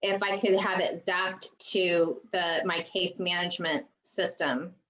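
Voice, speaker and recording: A woman's voice: on the low side, fairly even intonation, a little slow, a bit bright. Hesitant woman on an echoey call. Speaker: attendee asking a question. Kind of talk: video call Q&A.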